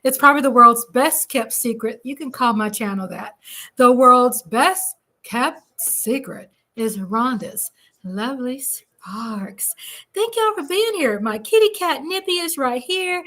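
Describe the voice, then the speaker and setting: Bubbly high-voiced woman host. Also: lively intonation, a little slow, sharp tone. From Texas. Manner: bubbly, chatty, laughs often. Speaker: livestream host. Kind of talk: casual livestream chat. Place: home.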